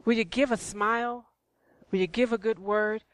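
A woman's voice: on the high side, steady tone, moderate pace. A woman preaching in church, conversational and repetitive, with rhetorical questions. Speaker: church speaker. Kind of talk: sermon.

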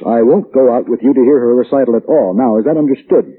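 A man's voice: mid-range voice, quick pace, slightly rough, close to an everyday voice. Man playing a teasing, indulgent father. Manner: dry and indulgent, gently mocking. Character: patient, teasing middle-aged father. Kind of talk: 1940s radio acting. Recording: tinny old radio broadcast, faint hiss.

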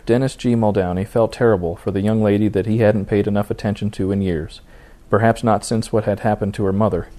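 Man narrating a novel, low and warm. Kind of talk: audiobook narration.

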